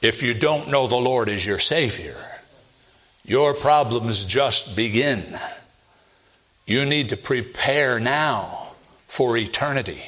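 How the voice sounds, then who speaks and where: A man preaching a sermon, reading scripture aloud and pressing his points with emphatic rises and low, weighty drops. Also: slow pace. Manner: emphatic, rising to loud stresses and dropping low for weight; reads scripture aloud in King James wording.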